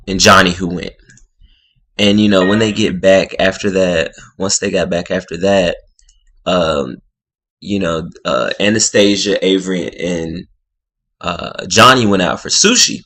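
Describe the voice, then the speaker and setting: Low-voiced man rambling through a recap. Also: a bit bright. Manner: rambling, full of "like" and "you know". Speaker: reality show reviewer. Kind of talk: casual vlog recap.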